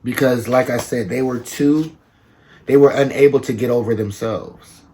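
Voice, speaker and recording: A man giving a casual tarot reading to his viewers, talking slowly and repeating himself, with bits of slang. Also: medium pitch, warm tone, a little hiss or hum. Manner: slow, repetitive, conversational with slang. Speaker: tarot reader.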